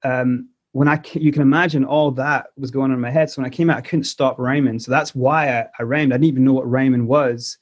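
A man's voice: mid-range voice, fairly even intonation, fairly quick, few pauses. A man in his forties with a Scottish accent carrying South African traces, telling his life story as a podcast guest in a loose, rambling way full of restarts. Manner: rambling, many restarts and "like" fillers. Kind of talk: casual interview storytelling. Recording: dull lo-fi audio.

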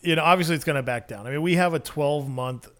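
A man's voice: on the high side, fast, fairly bright tone. A man co-hosting a podcast in casual chat, talking in an enthusiastic, rambling way with many fillers. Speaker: podcast co-host.

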